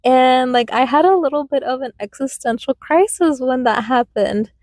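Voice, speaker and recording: A woman's voice: high voice, normal speed, darkish tone, dry recording. A young woman from the United States hosting a podcast, telling casual stories from her childhood with lots of fillers and frequent laughs. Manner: chatty, laughs often, many likes and fillers. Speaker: podcast host. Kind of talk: casual storytelling.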